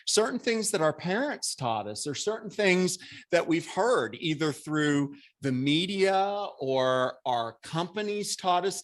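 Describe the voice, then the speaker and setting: A man with a fairly high voice that carries gives a spiritual talk at a spiritual center. He speaks to the congregation in a conversational, earnest way. Now and then he breaks into lively acted-out asides. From American. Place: church hall.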